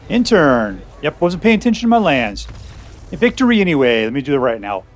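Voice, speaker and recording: A man's voice: mid-range voice, very animated, a little fast. A man giving casual commentary on a card game he is playing, counting cards aloud under his breath and making wry, sarcastic remarks to himself.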